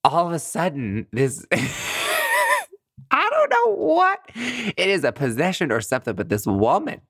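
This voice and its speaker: A man, a nurse, telling a personal story in a casual, animated way, often laughing and acting out his reactions. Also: sits high, a little slow, husky, no room sound, clean studio sound. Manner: breaks into giggles mid-sentence.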